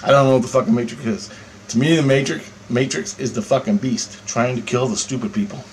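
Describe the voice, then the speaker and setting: A man telling a story in a rambling, profane monologue, swearing constantly and getting animated as he tells it. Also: medium pitch, fairly quick, slight background noise. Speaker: vlogger.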